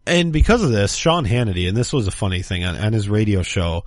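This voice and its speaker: A man's voice: lowish voice, animated, fast, dry recording, studio quality. A man hosting a political commentary show, talking sarcastically and mocking his opponents. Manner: sarcastic, mocks opponents in put-on quotes. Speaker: talk show host.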